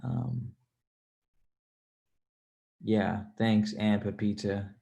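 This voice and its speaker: Brief: male stream host, mellow gravelly voice, animated and profane, casual chat. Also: fairly low pitch, extremely slow. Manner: animated, swears freely, laughs between points. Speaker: livestream host reading viewer comments.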